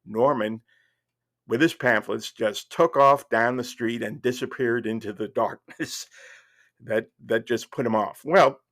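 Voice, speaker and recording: A man's voice: medium pitch, measured pace, a bit bright. A man in his sixties telling a wry, rambling personal story as a podcast host, with fillers and restarts along the way. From New Jersey. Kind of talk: casual storytelling monologue.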